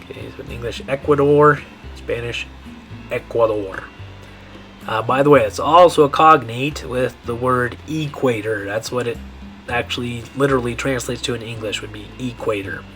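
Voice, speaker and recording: A man giving a Spanish pronunciation lesson, repeating each word slowly and checking in with the learner. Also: mid-range voice, a bit bright, soft background music. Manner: slow, repetitive modeling of words with frequent checks. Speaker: Spanish teacher.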